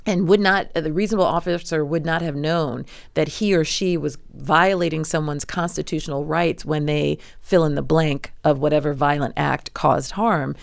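Woman attorney guest on radio, gravelly but smooth voice, measured explanations, dry studio sound. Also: low voice, no echo. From New York City. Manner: measured, explanatory, with fillers and restarts. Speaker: civil rights attorney, guest. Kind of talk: radio interview.

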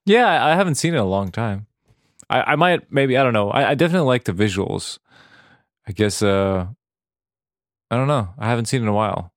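A man's voice: medium pitch, lively intonation, fairly quick, pauses often, dry recording, studio quality. A man co-hosting a podcast, talking casually and repeating words as he hesitates. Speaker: podcast co-host. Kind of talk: casual chat.

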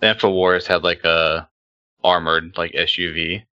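Deep-voiced laid-back man. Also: flat delivery, a little slow, pushed and bright, clear, resonant tone, no echo, highs cut off. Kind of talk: casual group chat.

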